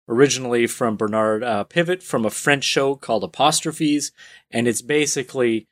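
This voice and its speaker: A man hosting a comic book podcast, leading the chat with jokes and questions. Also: mid-range voice. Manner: animated, joking, asks questions. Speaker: podcast host. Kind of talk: casual chat.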